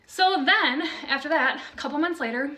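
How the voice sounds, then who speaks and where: A woman's voice: high voice, moderate pace, sharp tone, distant mic. A young woman telling a personal testimony in a casual, chatty way, full of fillers. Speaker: storyteller sharing a testimony.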